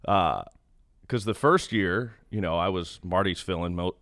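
A man with a lowish voice, a radio play-by-play announcer guesting on a podcast. He tells stories in a self-deprecating way, chuckling as he goes. The sound is dry and close. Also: measured pace, fairly bright tone, dry recording. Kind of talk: casual podcast storytelling.

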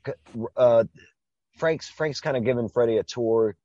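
An excitable man talks through a horror film with friends, cursing happily and laughing between points. His voice sits in a middle register and comes through a dull, muffled lo-fi recording with almost no room sound. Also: medium pitch, a little slow, no room sound. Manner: enthusiastic, profane, laughs often. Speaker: podcast co-host. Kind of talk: casual movie discussion.

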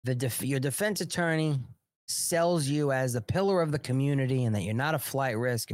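A man's voice: mid-range voice, normal speed, no room sound, clean studio sound. A man with a Long Island New York accent hosting a live political commentary show, talking bluntly and heatedly in a rambling way, with many restarts.

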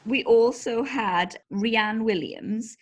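A woman with a fairly high voice talks easily on her podcast. She passes on listener messages in a chatty, giggly way. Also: slow. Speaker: podcast co-host. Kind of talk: casual chat.

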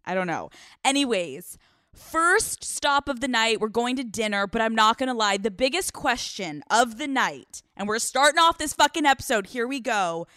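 Excitable, foul-mouthed young woman host. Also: a little high, normal speed, no echo, clean studio sound. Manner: excitable, profane, laughs often. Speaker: podcast host. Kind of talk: casual vlog-style podcast chat. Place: hotel room.

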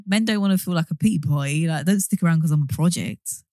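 A woman's voice: low voice, quick pace, mellow, dry recording. A young woman co-hosting a podcast in casual chat, teasing, laughing often and talking with plenty of fillers. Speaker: podcast co-host.

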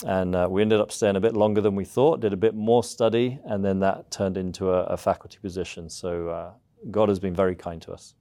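Casting: English man, fairly low voice, measured academic guest explaining patiently. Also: fairly even intonation, mellow. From southeast England. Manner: measured, explanatory, frequent "uh" fillers. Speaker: seminary professor, guest. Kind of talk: interview answers.

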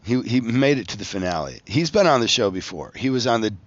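A man hosting a podcast, telling a profane, animated story and laughing as he goes. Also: mid-range voice, fast, no room sound, dull audio. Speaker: podcast host, tattoo artist. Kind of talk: casual storytelling.

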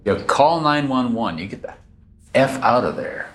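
A man's voice: medium pitch, sing-song, a little slow, fairly bright tone. A man interviewing a witness, asking probing questions in a blunt, skeptical way.

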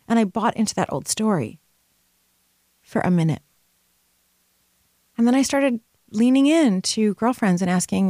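Forties woman coach telling her story, mid pitch, swoops way up when acting out her nerves, dry close mic. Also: normal speed, pauses often, no room sound. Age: 40s. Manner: animated, big pitch leaps when voicing her own worries. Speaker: retreat leader and women's coach. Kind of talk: personal storytelling monologue.

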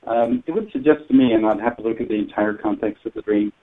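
A man guest telling stories on a talk show, halting and hesitant with frequent restarts, heard over a phone line. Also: on the low side. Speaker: guest dream expert. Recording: tinny phone-line sound.

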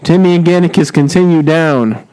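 A man leading an improvised comedic story game, animated and profane. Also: on the high side, normal speed, low-quality recording.

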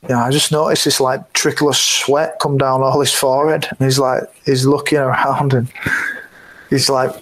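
Man, twenties, interview guest, rambling casual stories, laughs a lot, average pitch. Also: little pitch movement, moderate pace, fairly bright tone, poor audio. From England. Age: 20s. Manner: rambling, laughs often, many fillers. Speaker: guest rugby player. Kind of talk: casual anecdote-telling.

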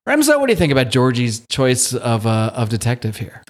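A man's voice: mid-range voice, wildly swooping pitch, a little fast, few pauses. A young adult man hosting a podcast, talking casually, rambling and laughing between thoughts. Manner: rambling, laughs often, restarts a lot. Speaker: podcast host. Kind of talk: casual chat.

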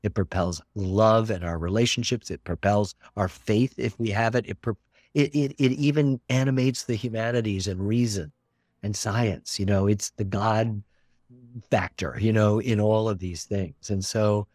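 Earnest older man, low dry voice. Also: fairly even intonation, normal speed, darkish tone, no room sound. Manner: earnest, expansive, repeats words for emphasis. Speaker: documentary filmmaker. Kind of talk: reflective interview talk.

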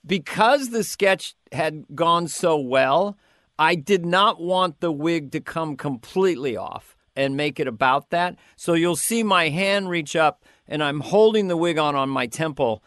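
Comedian guy telling backstage stories, slightly high voice, lots of energy, dry studio mic. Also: no room sound. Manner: animated anecdotes, quick character voices and laughter. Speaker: guest comedian. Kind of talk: casual interview storytelling.

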